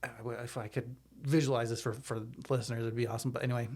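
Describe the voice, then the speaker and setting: Podcast guest, man, animated casual storyteller, middle-pitched. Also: fast talker. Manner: animated, chatty, lots of "like".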